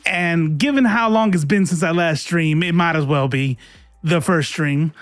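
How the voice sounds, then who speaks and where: Chatty man, slightly high voice. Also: unhurried, no echo, faint music behind. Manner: chatty, laughing, swearing, fumbling with settings. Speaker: livestream host. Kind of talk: casual livestream chat.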